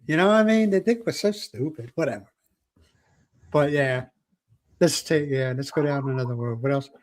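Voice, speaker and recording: A man chats casually on a livestream, his voice sitting a little high. He talks in an animated way, repeats phrases and laughs often as he answers viewers. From South Philadelphia. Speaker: livestream host. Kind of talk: casual live chat with viewers.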